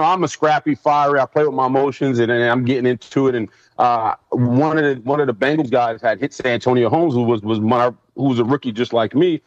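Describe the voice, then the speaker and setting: A man's voice: medium pitch, no echo. A man, a former pro football player, telling stories in a casual interview and acting out what others said. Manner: animated, acts out quotes in raised voices. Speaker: former NFL player guest. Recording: dull lo-fi sound.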